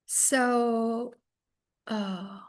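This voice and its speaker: High-voiced woman teaching slowly. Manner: animated storytelling, acting out quotes and chanting. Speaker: spiritual teacher. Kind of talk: devotional scripture class.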